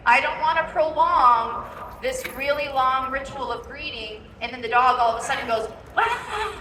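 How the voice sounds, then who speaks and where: Bright-voiced woman dog trainer, echoey hall. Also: sits high, fairly even intonation, normal speed, far from the mic, a little hiss or hum. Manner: instructive, repeats "okay?" to check in. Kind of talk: live training demonstration. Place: large indoor expo hall.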